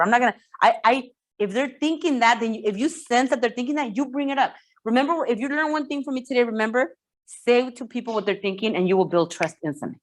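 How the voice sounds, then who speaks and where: A woman coaching real estate agents in a lively training talk, often repeating herself and checking that the room follows. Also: on the high side, a little fast. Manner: energetic, repeats words, asks the room for checks.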